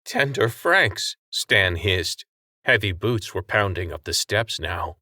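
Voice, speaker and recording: A man narrates a story in a steady, expressive reading voice. His low voice has a bright edge. The recording is dry with no room sound. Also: slow pace, no echo. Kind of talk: audiobook narration.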